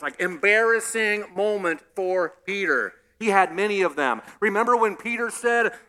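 A male pastor preaching a sermon in an animated way, acting out scenes with humor. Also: sits high, normal speed, hardly any pauses.

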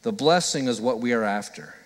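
A man's voice: mid-range voice, expressive, fairly quick. A male pastor preaching a conversational, earnest sermon, often acting out the voices of people he quotes. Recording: long hall reverb.

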